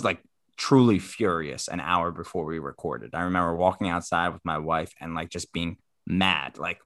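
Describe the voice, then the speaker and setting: Man with a Philadelphia accent, low-pitched, dry close sound, casual podcast co-host who tells long stories. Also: fairly bright tone, no echo. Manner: chatty storyteller, explains at length. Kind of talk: casual chat.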